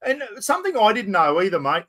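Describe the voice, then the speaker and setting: A livestream host with a North Queensland Australian accent talks in a loose, rambling way, full of slang. His voice sits a little on the high side for a man. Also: huge pitch swings, quick pace, fairly bright tone. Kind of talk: casual chat.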